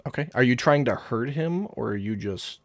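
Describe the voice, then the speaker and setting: A man's voice: medium pitch, expressive, normal speed, vocal fry, dry recording. A man acting as game master, patiently explaining rules and describing the scene step by step. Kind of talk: running a tabletop game online.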